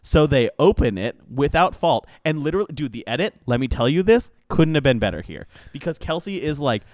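A man casually retelling a reality show episode, swearing freely, speeding up and slowing down with many fillers. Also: a little high, no echo, studio quality. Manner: animated, profane storytelling with lots of fillers.

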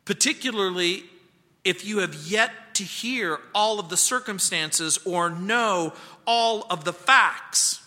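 A man's voice: high-pitched, slow pace, pushed and bright. Man preaching in an echoing church. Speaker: pastor. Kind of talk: verse-by-verse sermon. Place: church sanctuary.

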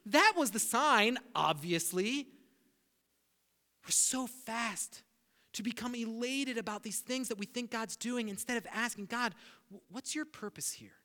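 A man preaching a sermon as pastor, animated, acting out people's prayers to God with rising intensity. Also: extremely high pitch, measured pace. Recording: reverberant hall.

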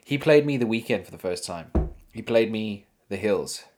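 A man's voice: lowish voice, expressive, moderate pace, background noise. A man hosting his own podcast alone, rambling and joking with crude asides. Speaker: podcast host. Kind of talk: casual solo podcast chat.

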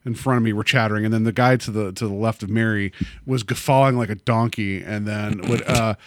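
A man chatting casually about a movie, animated and rambling, full of fillers and restarts. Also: lowish voice, fairly quick, no echo.

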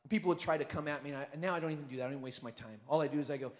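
A man in his fifties preaching a sermon as guest pastor, telling stories and building up to shouted preaching. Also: a little high, rapid-fire. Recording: long hall reverb.

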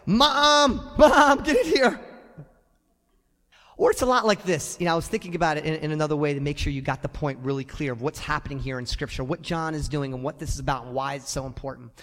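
A male pastor preaching a sermon in a church sanctuary, animated and conversational with touches of humor. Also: a little high, rapid-fire, hardly any pauses, long reverb tail.

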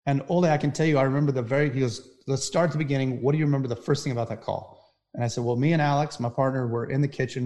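Animated firefighter telling stories. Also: male voice, medium pitch. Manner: animated storyteller, frequent "right?" tags. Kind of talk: storytelling talk.

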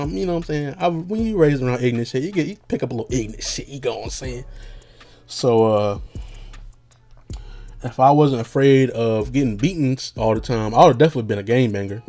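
A man's voice: medium pitch, darkish tone. Rambling, slangy young man. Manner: loose and slangy, full of fillers, jokes around. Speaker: podcast host. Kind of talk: casual rambling monologue.

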